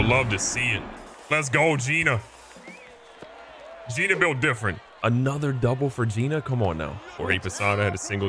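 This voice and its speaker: A young man casually commentating his own baseball video game, excitable and joking, swinging between hype and mock despair. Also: on the low side. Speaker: gaming channel host. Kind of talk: live gameplay commentary.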